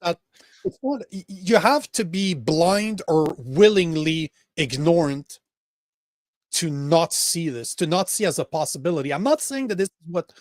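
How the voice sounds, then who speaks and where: A man's voice: on the high side, animated, normal speed, no room sound, studio quality. A man with a French accent hosting a casual political podcast, heated and full of restarts. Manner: heated, swears, many restarts. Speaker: podcast host.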